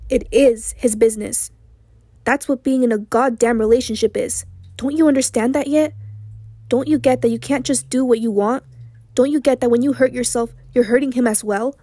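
A stern middle-aged doctor confronts his patient in cold, clipped, hoarse anger, voiced by a woman reader. Her tone is dark and a little high, recorded dry and close. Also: steady tone, normal speed, no room sound, lightly acted. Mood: grim.

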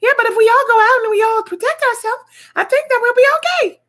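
Restless wife, pleading and whiny, pitched very high. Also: male voice, fast, pushed and bright. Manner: whiny, filler-heavy pleading. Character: restless bored wife pestering her husband.

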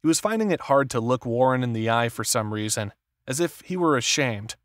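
A man's voice: mid-range voice, no echo. Dry-voiced male audiobook narrator. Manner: steady, measured reading. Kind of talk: scripted narration.

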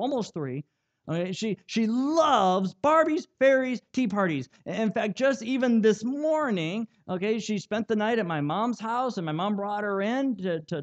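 Animated young male pastor preaching. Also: high voice, lo-fi sound. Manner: animated, self-mocking storytelling with many restarts. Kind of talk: sermon.

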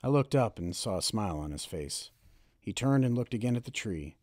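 A man narrating a first-person audiobook with steady, expressive storytelling. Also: fairly low pitch, fairly quick, no room sound, studio quality.

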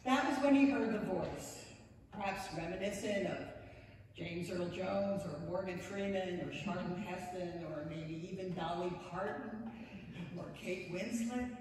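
A woman's voice: fairly low pitch, unhurried, darkish tone, a little hiss or hum. Woman pastor preaching wryly in echoey church. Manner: wry, storytelling delivery with playful asides. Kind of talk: sermon. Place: church sanctuary. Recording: echoey church hall, distant mic.

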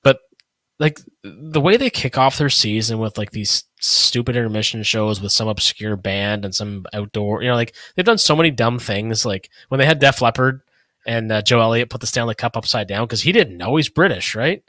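A man's voice: medium pitch, animated, normal speed, bright, forceful tone, no room sound. A man in his thirties co-hosting a hockey podcast, talking in a rambling, casual way with lots of asides. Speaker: podcast co-host. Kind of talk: casual sports chat.

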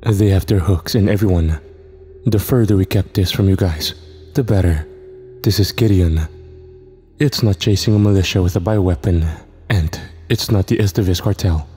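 A man as a measured, low-voiced agency chief. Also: warm tone, breathy edge. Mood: firm. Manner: measured, justifying. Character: calm, pragmatic male CIA chief. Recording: reverb with faint music.

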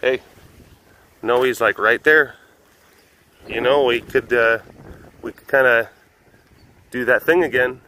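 A man's voice: mid-range voice, slow, long pauses, sharp tone, a little hiss or hum, low-quality recording. Young male vlog host, chatty keeper, rambling, coos at animals, faint outdoor ambience. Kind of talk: casual chat. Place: outdoors at a rural animal facility.

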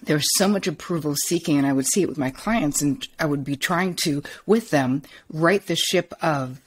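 A woman's voice: low-pitched, slightly rough. A woman hosting an interview, a therapist who reflects on her guest's points and tells her own stories. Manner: agreeing, reflective, quick asides. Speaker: podcast host and therapist. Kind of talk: conversational interview.

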